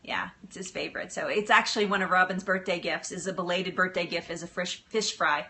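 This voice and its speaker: A woman's voice: on the low side, steady tone, brisk, hardly any pauses, bright, forceful tone. A woman hosting a live cooking stream from her kitchen, chatting in a bubbly way and answering viewers' comments. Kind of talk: casual live-stream chat.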